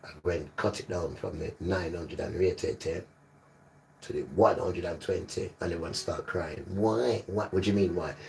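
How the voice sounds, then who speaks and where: A man's voice: deep voice, fairly even intonation, moderate pace, gravelly, a little mellow, far from the mic, slight background noise. A man preaching on a livestream, emphatic and repetitive, sometimes scolding his listeners. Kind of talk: livestreamed sermon.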